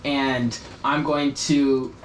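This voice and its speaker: A man playing a tabletop game, playfully describing his character's moves. His voice sits at a middling pitch. The room is echoey, with faint noise behind him. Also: level tone, drawn-out words, recorded from a distance. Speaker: player. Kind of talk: casual chat in a tabletop game.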